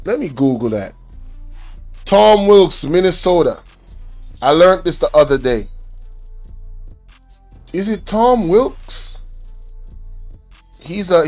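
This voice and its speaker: A man with a Jamaican accent hosting a reaction channel, talking to viewers in an indignant, preachy way. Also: fairly high pitch. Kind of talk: casual reaction commentary.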